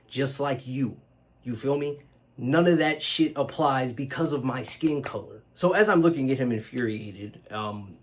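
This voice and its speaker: A man with a mid-range voice tells a story straight to camera. He talks loosely and conversationally, with plenty of fillers and frequent casual swearing. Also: mid-range voice. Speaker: vlogger.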